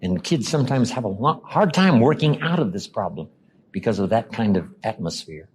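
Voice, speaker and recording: An older American man, a motivational speaker, giving a live seminar lecture to an audience, asking rhetorical questions and repeating key words with slow, drawn-out emphasis. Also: fairly low pitch, very animated, a little mellow, slightly rough. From United States. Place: large hall with a live audience. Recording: live hall recording with long reverb.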